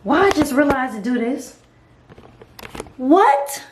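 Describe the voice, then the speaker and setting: A young woman with a hoarse voice, chatting casually to her camera at home and calling the viewer "girl" and "y'all". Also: fairly high pitch, measured pace, distant mic, slight background noise. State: hoarse from singing. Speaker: vlogger. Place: home apartment, kitchen and bathroom. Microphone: camera on a tripod. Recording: echoey room with music behind.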